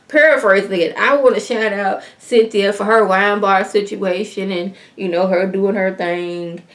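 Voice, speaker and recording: Woman recapping her reality show, chatty, lots of likes and ums, middle pitch. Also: normal speed. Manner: chatty, acts out other people's lines in quotes; leans on fillers like "like" and "um". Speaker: reality TV reviewer. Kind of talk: casual episode recap.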